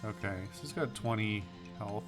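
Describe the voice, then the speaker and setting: A man's voice: lowish voice, normal speed, music in the background. A man playing a comedy western game, reading its text aloud with wry, offhand asides. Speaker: let's play gamer. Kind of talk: casual let's play commentary, reading game text aloud.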